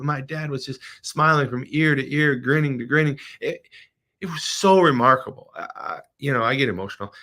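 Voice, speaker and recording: A man's voice: medium pitch, pushed and bright. A middle-aged man, a business owner, talking through a casual livestream in a rambling, heartfelt way, emotional at times.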